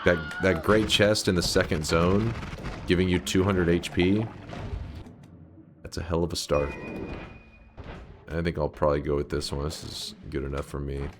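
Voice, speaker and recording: A man's voice: low voice, steady tone, moderate pace, long pauses, noisy background. A man giving casual gameplay commentary as a streamer, rambling, thinking aloud and answering chat.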